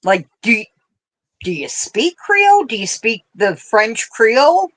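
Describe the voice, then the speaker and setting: Speaking a little slowly in a higher, slightly bright voice, a very animated woman with a central Pennsylvania accent crochets during a craft livestream. She chats casually, laughs a lot, and reads comments from viewers aloud.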